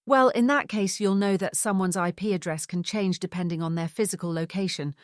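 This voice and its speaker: A woman voicing a blunt, wealthy, tech-savvy divorcee who explains things briskly in an audiobook. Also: on the low side, dry recording, clean studio sound, natural voice. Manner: brisk, matter-of-fact explaining.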